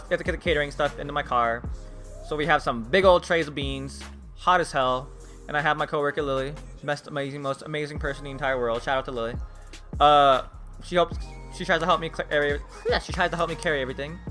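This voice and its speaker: Ranting young guy, bright voice. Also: on the high side. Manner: ranting, exasperated, laughing at his own stories. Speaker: vlogger. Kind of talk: casual storytelling vlog.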